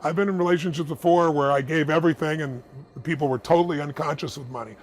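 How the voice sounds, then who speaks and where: A middle-aged man telling stories in an interview, animated and acting out the people he quotes. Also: fast talker, slight background noise. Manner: animated, acts out quoted people in high voices. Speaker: guest. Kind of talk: storytelling in a conversation.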